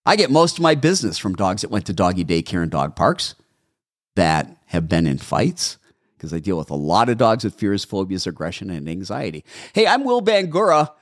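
A man's voice: mid-range voice, dry recording, clean studio sound. A man hosting a live call-in show about dog training, talking in an emphatic, opinionated way full of rhetorical questions. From United States.

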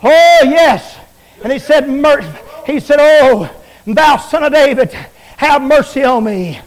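Male revival preacher, very high voice, chanted, shouting cadence. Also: slow pace, poor audio. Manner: chanting, repetitive, rises to shouts.

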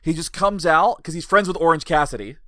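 A man hosting a casual podcast chat, telling stories in an animated way and swearing freely. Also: a little high, fairly quick, no room sound, clean studio sound.

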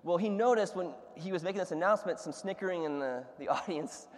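Animated preacher with a higher voice. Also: male voice, fast, long reverb tail. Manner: animated storyteller, laughs at his own stories. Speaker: pastor. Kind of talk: sermon with humorous stories.

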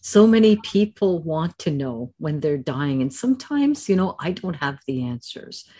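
A man co-hosting a casual talk show as a psychic medium, speaking in a calm, reflective way. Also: a little high, a little slow. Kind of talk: casual chat.

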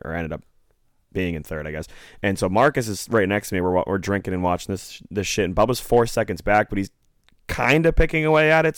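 A man's voice: low voice, smooth, dry recording, clean studio sound. A man hosting a casual chat, reading listener questions and telling a rambling story. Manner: laid-back, rambling, swears casually.

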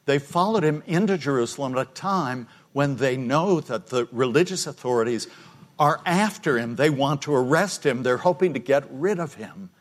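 An older man delivers a sermon, retelling a story for his listeners. His voice sits at an ordinary pitch. He speaks with quiet intensity and sinks to a hush at the key moments. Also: lively intonation, normal speed. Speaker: preacher.

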